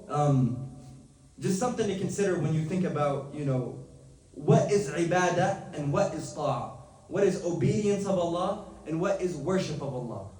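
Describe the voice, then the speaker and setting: A man with a high-set voice teaches a class, talking casually and often turning questions to his listeners. The recording has a roomy echo, and the microphone sits some way from him. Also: dark tone. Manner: conversational, asks the class questions, switches to rapid text reading. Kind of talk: classroom lesson. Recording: echoey room, mic at a distance.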